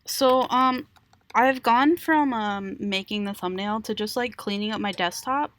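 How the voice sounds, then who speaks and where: A woman's voice: on the high side, unhurried, a bit bright. A young woman co-hosting a casual podcast, rambling through a story with giggles and frequent swearing. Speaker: podcast co-host. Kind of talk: casual chat.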